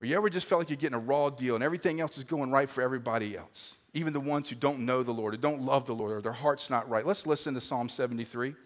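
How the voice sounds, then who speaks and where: A male pastor preaching a sermon in a conversational way, asking the congregation rhetorical questions and reading scripture slowly. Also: medium pitch. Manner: conversational, asks the listeners repeated rhetorical questions; reads scripture slowly and deliberately.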